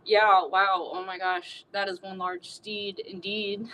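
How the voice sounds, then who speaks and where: A woman's voice: mid-range voice, little pitch movement, slow pace, pushed and bright, slight background noise, low-quality recording. A woman voicing an earnest, polite male cowboy who uses folksy exclamations.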